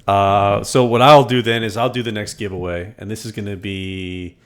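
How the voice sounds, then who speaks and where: Laid-back joking male stream co-host. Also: on the low side. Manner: joking, rambling, swears. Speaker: co-host running giveaways. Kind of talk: casual live-stream chat.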